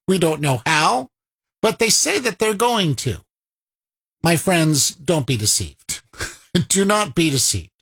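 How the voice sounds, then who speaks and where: A middle-aged man hosts a political radio talk show, wry and sardonic, often chuckling at his own points. His voice is somewhat husky, and his pitch rises and falls a great deal. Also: a bit bright.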